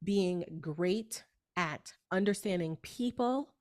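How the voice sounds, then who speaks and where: Fast-talking New woman, low voice. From New York. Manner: fast-talking, animated, emphatic storyteller. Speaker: podcast guest. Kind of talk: storytelling interview.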